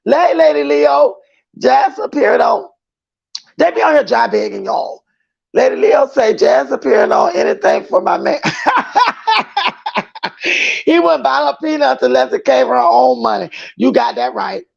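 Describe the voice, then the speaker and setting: A man's voice: very high voice, very animated, moderate pace, vocal fry, slightly rough, muffled recording. A man hosting a livestream, chatting and gossiping casually as he reads viewer comments and greets each one as boo. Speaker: livestream host.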